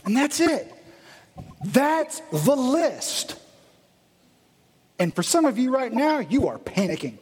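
A male pastor giving an animated sermon, acting out the voices of his listeners. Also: very high voice, takes it slowly, long pauses, breathy edge. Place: church meeting in a gym. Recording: echoey hall.

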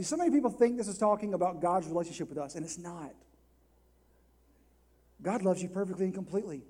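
A middle-aged man preaching a sermon, animated, acting out the voices he quotes. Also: sits high. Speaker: pastor.

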